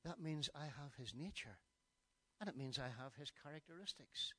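A man in his sixties with a Northern Irish accent, preaching a sermon and moving between hushed storytelling and loud, emphatic preaching. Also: on the high side, animated, moderate pace, dry recording. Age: 60s.

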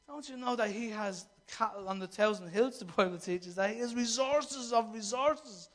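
A man's voice: high-pitched, normal speed, a bit bright. A man preaching a fervent sermon. He fires rhetorical questions at the congregation and acts out quoted voices. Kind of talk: impassioned sermon.

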